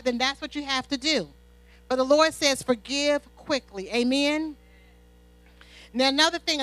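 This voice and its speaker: A woman preaching a sermon with animated personal stories, often asking the congregation "Amen?". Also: high-pitched, low-quality recording. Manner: animated storytelling, call-and-response "Amen?". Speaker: pastor's wife preaching.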